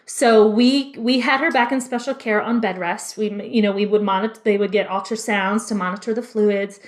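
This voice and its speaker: A woman's voice: medium pitch, moderate pace. A woman in her thirties, a former labor and delivery nurse, telling a story as a podcast guest and acting out what she said back then. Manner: lively storyteller who acts out her own lines in quotes.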